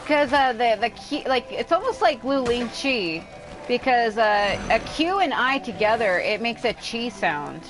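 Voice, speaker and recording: A woman's voice: a little high, expressive, unhurried, over music. A woman streaming a video game, rambling and exasperated as she comments, swearing often. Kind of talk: casual live gameplay commentary.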